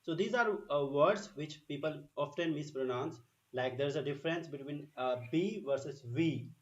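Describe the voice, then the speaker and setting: A man's voice: a little high, normal speed, muffled recording. A man from the Bengal region of India with a Bengali English accent, teaching an online spoken English lesson and repeating sounds with many fillers. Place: home, cooking while teaching.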